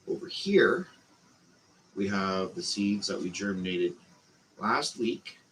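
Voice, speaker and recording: A man with a Canadian accent walks through a lesson in a slow, unhurried way, pausing on fillers as he goes. His voice sits fairly low, with a faint hum of room noise behind him. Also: lively intonation, fairly bright tone, low-quality recording. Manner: slow, meandering, with frequent fillers. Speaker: channel host teaching a growing class. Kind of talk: casual instructional talk.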